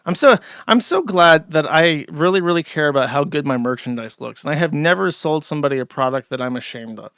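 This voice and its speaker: A man's voice: on the high side, fairly bright tone, no room sound, studio quality. A man hosting a live stream, reacting to clips with profane, sarcastic ranting. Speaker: streamer host.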